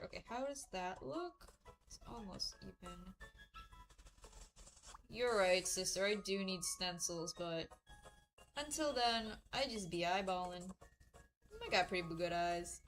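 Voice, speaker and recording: Doing a craft on stream, a young woman rambles through a casual story, cursing freely and cracking herself up. Her voice sits in the mid range, and the recording is rough.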